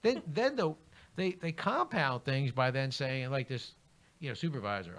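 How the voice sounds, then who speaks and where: A man's voice: fairly high pitch, moderate pace. A middle-aged man, a book author, telling work stories as a radio guest and acting out the dialogue. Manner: animated, acts out quoted dialogue. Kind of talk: interview storytelling.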